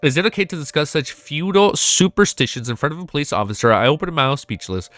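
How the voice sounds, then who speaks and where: A man's voice: a little high, big pitch swings, quick pace, fairly bright tone, no echo. Congested man reading a novel aloud. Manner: swears freely, bursts into emotional exclamations. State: congested nose, sick. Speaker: webnovel reaction streamer.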